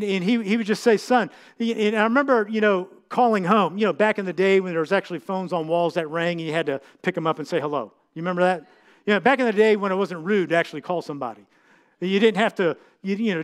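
A middle-aged man, a pastor, preaching a heartfelt sermon that often halts and restarts with fillers. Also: sits high.

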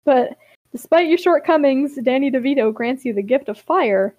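A young woman hosting a podcast, recapping a story in an animated, giggly way. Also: sits high, moderate pace, muffled recording. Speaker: podcast host. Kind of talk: casual chat.

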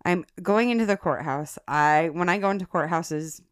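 A woman's voice: lowish voice, normal speed, clear, resonant tone. Chatty woman podcast host telling a story. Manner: chatty, animated storyteller who laughs often and addresses listeners as guys. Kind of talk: casual chat, telling a personal story.

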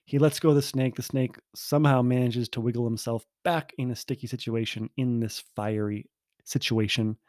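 A man's voice: medium pitch, steady tone, normal speed, darkish tone, no echo, studio quality. A man telling a personal story in a casual monologue, rambling and self-interrupting, candid and poking fun at himself.

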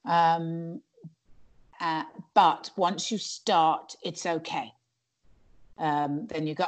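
Chatty, rambling woman comedian, lowish voice. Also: steady tone, drawn-out words, pauses often. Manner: chatty and digressive, full of restarts and fillers. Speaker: stand-up comedian. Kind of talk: casual interview chat.

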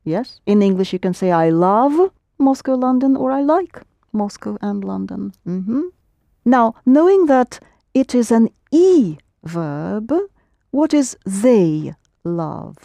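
A woman's voice: medium pitch, sing-song, slow, vocal fry, mellow, no echo. A woman teaching a Russian lesson in English, patiently correcting her students' pronunciation. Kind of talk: language lesson.

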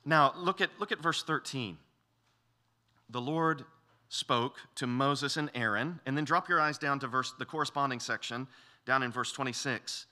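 A man preaching an expository sermon through a Bible passage, animated and acting out quoted speech. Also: mid-range voice, moderate pace. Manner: animated, voices quoted speech with rising intensity. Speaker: pastor.

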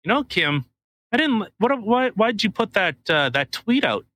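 A man's voice: high voice, sing-song, measured pace, bright, forceful tone, a little hiss or hum, voice pushed up, heavily acted. A man voicing a male government official who makes veiled, falsely polite threats.

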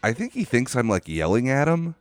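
A man's voice: mid-range voice, big pitch swings, fairly quick. A man hosting a casual solo podcast, ranting with exasperation, swearing and rambling into a microphone. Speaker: podcast host. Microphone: studio microphone.

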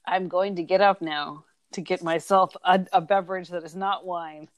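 A woman's voice: fairly low pitch, fairly even intonation, normal speed, no echo. A woman co-hosting a casual podcast who has the hiccups and rambles, restarting her sentences. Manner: rambling, with restarts and self-interruptions. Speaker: podcast co-host. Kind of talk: casual book discussion.

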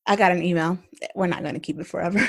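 Woman on a casual podcast, blunt and frank, animated when she tells stories. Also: fairly low pitch, fast, vocal fry, husky. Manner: candid, blunt, animated storytelling. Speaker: podcast co-host.

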